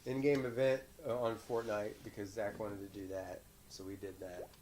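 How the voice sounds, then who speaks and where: A man hosting a casual chat with his young son, telling stories in an animated way and laughing often. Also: on the low side, normal speed, slight background noise. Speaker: podcast host and father.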